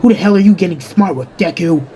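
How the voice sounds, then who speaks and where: A man voicing a brash, angry teenage boy who snarls insults and yells. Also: on the high side, moderate pace, slight background noise, voice pushed up, natural voice. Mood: taunting.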